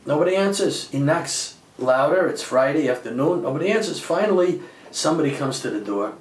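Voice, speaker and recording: Rabbi guy telling a story, lively, kinda high voice, echoey and far off. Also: fairly quick, a little hiss or hum. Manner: lively, acts out voices, repeats words. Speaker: lecturer and storyteller. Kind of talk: animated storytelling in an interview. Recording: roomy, distant mic.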